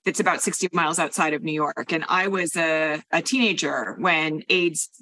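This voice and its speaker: Bright-voiced middle-aged woman interviewing. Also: sits low, moderate pace, dry recording. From Pennsylvania, US. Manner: reflective, personal, animated. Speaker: interviewer, host. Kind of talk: conversational interview.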